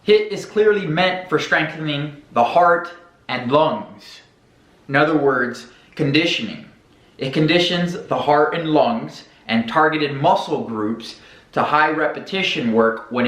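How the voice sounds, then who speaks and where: A man explains workout science as a comedic fitness host, cracking crude jokes in an animated way. His mid-pitched voice echoes around a roomy space. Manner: jokey, profane and animated. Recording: echoey room.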